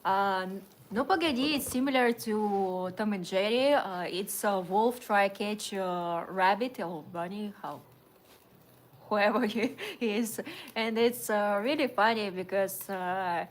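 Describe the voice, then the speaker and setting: A young woman with a Russian accent chats loosely on a livestream. Her English is halting and broken, dotted with "uh" pauses and easy laughs. Faint noise hums in the background. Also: medium pitch. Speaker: co-host of a livestream. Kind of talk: casual livestream chat.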